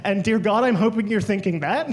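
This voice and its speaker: High-voiced Australian comic on stage. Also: male voice, brisk, crowd noise. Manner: animated storytelling, quoting others in exaggerated voices. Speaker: stand-up comedian. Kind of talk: stand-up comedy set. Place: comedy club stage.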